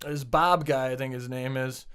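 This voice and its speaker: A young man, a podcast guest, casually telling an animated story and swearing freely. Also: mid-range voice, normal speed, clear, resonant tone. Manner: animated, swears freely, acts out shouted quotes.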